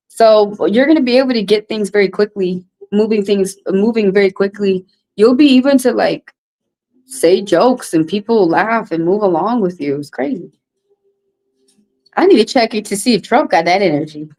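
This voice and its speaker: A woman's voice: medium pitch, a little mellow, low-quality recording. A woman doing a casual livestream tarot card reading, talking bluntly and profanely with rambling asides.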